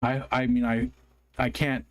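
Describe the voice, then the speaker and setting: A man's voice: medium pitch, flat delivery, measured pace. A man from the United States hosting a casual livestream, chatting and reading viewer comments aloud in a rambling, apologetic way with frequent ums and restarts. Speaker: livestream host.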